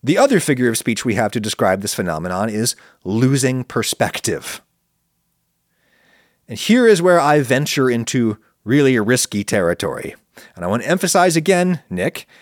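A man hosting a podcast, making his case to listeners in an animated, argumentative monologue. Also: moderate pace, dry recording, studio quality. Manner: animated, argumentative, swings pitch for emphasis. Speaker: podcast host answering listener questions. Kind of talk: casual spoken monologue.

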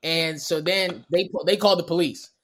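A man, a comedian guest, telling a story on a podcast in animated, profane street slang. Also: a little high, normal speed, slight background noise. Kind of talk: storytelling in casual chat.

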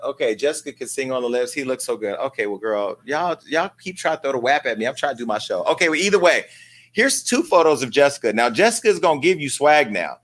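Brief: male comedic gossip host, sassy and theatrical, bright edgy tone. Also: medium pitch. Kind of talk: comedic celebrity gossip commentary. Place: home studio with lights.

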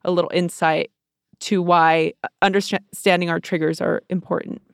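A woman's voice: fairly low pitch, little pitch movement, normal speed, gravelly, smooth, dry recording, clean studio sound. A woman co-hosting an advice chat, talking earnestly and coaching through feelings. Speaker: co-host giving advice.

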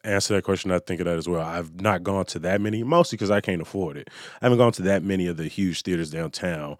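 Relaxed low-voiced man. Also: quick pace, no room sound, studio quality. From South Side of Chicago. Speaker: podcast host. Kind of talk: casual chat.

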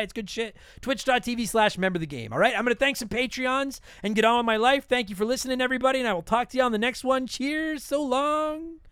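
A man's voice: very high-pitched, fairly bright tone, clean tone, dry recording. A man hosting a podcast, signing off casually with an irreverent, swearing manner and rattling off long lists of names. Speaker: podcast host.

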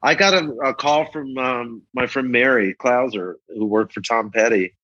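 An older man, a rock photographer, is telling stories in a casual interview. He talks in a lively way and slips into the voices of the people he describes. His mid-range voice is recorded close and dry, with no room around it. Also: mid-range voice, moderate pace, dry recording, highs cut off.

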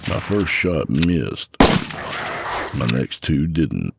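A man narrating a grim first-person horror story in a measured voice. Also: a bass voice, very animated, gravelly, very noisy. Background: soft guitar music.

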